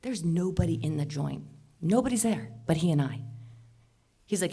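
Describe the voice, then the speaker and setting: A woman telling a personal story live to an audience, animated, moving between hushed asides and loud outbursts. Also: fairly low pitch, normal speed, husky. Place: stage before an audience.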